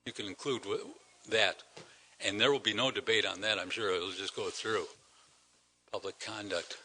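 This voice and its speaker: A man's voice: fairly low pitch, steady tone, moderate pace, bright, forceful tone. An older man giving an indignant public comment to a town council, firing rhetorical questions with emphatic stresses. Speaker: citizen delegate at council meeting.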